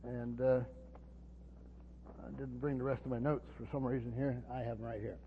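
A man preaching an unscripted Bible teaching in a church hall, halting and repeating words with many fillers. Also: medium pitch, level tone, slight background noise. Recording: long reverb, dull lo-fi sound.

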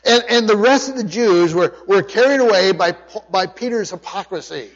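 A man's voice: high voice, normal speed. A male pastor preaching a sermon, emphatic, often restarting his words as he explains a passage. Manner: emphatic preaching with frequent restarts and word study. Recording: dull sound with long hall reverb.

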